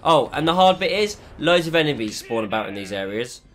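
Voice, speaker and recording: A man with a slightly high, sing-song, somewhat bright voice gives frustrated gameplay commentary while playing a shooter. He talks a little fast, swears heavily, and sounds exasperated.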